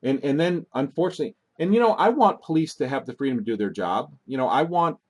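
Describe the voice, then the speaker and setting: A man's voice: mid-range voice, animated, fast, husky. A man hosting a call-in talk show, rambling and getting worked up, with many restarts.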